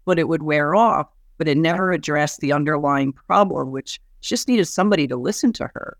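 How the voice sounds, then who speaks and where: A woman's voice: deep voice, fairly quick, no room sound, studio quality. Woman physician recounting a patient case. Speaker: physician and therapist. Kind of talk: podcast conversation.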